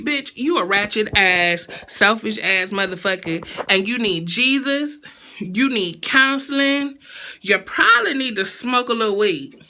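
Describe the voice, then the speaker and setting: A woman's voice: mid-range voice, animated, normal speed, sharp tone. A woman recapping a reality show in a sassy, blunt, slangy gossip style.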